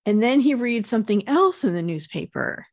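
A woman co-hosting a podcast, narrating a TV episode's plot step by step in a relaxed way. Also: on the high side, normal speed. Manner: steady, detailed plot narration. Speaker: podcast co-host. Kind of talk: casual recap chat.

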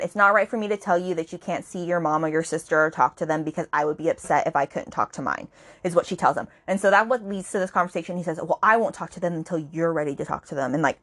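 A woman hosting a book podcast, chatting casually as she retells a romance novel's plot with lots of fillers and quoted lines. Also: fairly low pitch. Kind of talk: casual book review chat.

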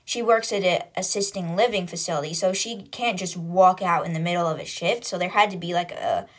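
A woman's voice: on the low side, brisk. Chatty woman recapping a book. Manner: chatty retelling with lots of "like" and paraphrase. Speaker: book podcast host. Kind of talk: casual chapter recap.

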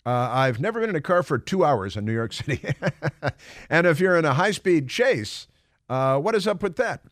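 A man's voice: a little high, big pitch swings, normal speed, fairly bright tone, dry recording, clean studio sound. A man hosting a talk radio show, telling rambling stories in a wry, sarcastic way. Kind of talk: casual talk radio monologue.

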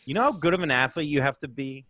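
A man's voice: on the high side, expressive, fast talker, sharp tone, no room sound. A man from Florida hosting a podcast, teasing and joking with his guest in casual chat. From Florida, USA. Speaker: podcast host.

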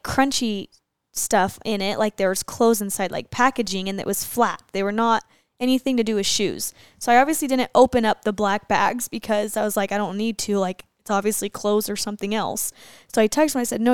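A woman's voice: medium pitch, smooth, dry recording, clean studio sound. A pregnant woman co-hosting a casual podcast, telling stories in a chatty way and laughing often. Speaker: podcast co-host. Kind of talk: casual couple's podcast chat.

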